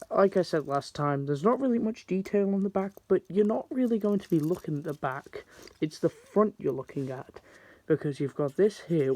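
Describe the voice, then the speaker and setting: A man talks through a toy review in a loose, rambling way, dropping filler likes as he goes. His voice sits a little high but sounds soft and mellow. The recording is dry and close, with no room sound. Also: dry recording. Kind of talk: casual product review.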